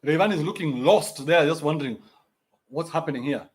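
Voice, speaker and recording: A man with a Kenyan accent hosting a podcast, ranting in a mocking, animated way and swearing freely. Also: fairly high pitch, fairly quick. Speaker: podcast host. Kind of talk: ranting commentary.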